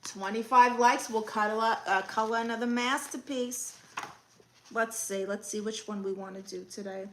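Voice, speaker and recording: A woman with a New York accent hosts a comedic livestream as an aunt character, reading viewer comments and answering with dry, deadpan quips. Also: a little high, normal speed, a little hiss or hum, poor audio. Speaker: livestream host playing an aunt.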